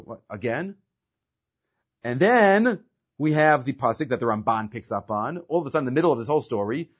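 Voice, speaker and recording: An animated man teaching a Torah class, his pitch swinging up and down as he quotes and explains. He reads quickly and follows with casual, questioning asides. The recording sounds dull and lo-fi. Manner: animated, mixes quick Hebrew quoting with casual English asides.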